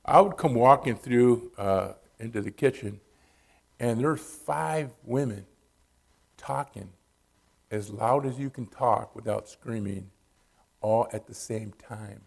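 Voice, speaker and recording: A man's voice: medium pitch, slow, creaky, darkish tone. A man from Southern California telling personal stories at a church in a casual, conversational way. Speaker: church speaker.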